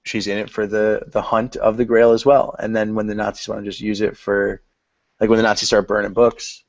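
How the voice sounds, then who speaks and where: A man's voice: fairly low pitch, flat delivery, fairly quick, no room sound. A man co-hosting a podcast, chatting casually and jokily about films, slipping into mock voices to quote scenes. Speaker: podcast co-host. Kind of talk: casual film discussion chat. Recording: dull lo-fi podcast audio.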